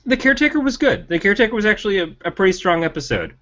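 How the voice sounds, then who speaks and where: Racing along with lively intonation and a slightly bright voice, this man co-hosts a podcast and rants opinionatedly about TV in casual chat. His pitch rises emphatically, while the lo-fi audio comes across dull and a bit muffled.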